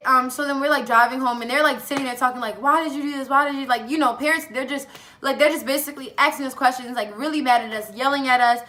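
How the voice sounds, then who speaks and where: A teenage girl telling a casual storytime vlog, animated, acting out quoted lines between fillers. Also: sits high, fast talker, slight background noise. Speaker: vlogger.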